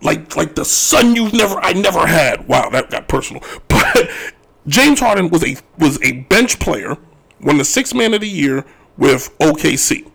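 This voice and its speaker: Gravelly, joking sports radio host. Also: male voice, a little high, normal speed. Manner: animated, joking, ranting opinions. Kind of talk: sports talk radio commentary.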